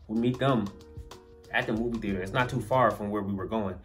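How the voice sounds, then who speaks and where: A young adult man, a storyteller vlogger, tells a funny personal story to camera in a casual, slangy monologue, laughing as he goes. His voice is lowish and fairly quick, with soft background music.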